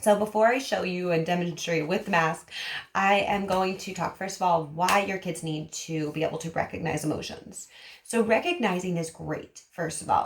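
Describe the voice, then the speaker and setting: A woman speech therapist explaining to parents in an animated, demonstrative way, acting out emotions as she teaches. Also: on the low side. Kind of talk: parent education vlog. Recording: roomy echo.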